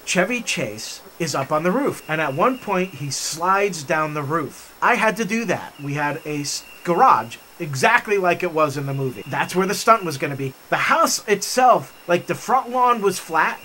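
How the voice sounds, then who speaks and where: A man with a high, bright voice tells a story with animated enthusiasm while he hikes. The recording is outdoors, with faint background ambience behind him. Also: normal speed, few pauses, a little hiss or hum. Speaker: vlog host. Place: forest trail outdoors.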